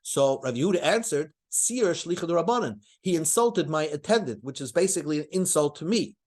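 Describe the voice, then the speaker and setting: A man with a fairly high voice teaches a Talmud lesson. He reads each line of the passage, then explains it in plain words. He often stumbles and restarts mid-sentence, like a teacher thinking aloud. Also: expressive, brisk, a little mellow. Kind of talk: Talmud lecture, translating as he reads.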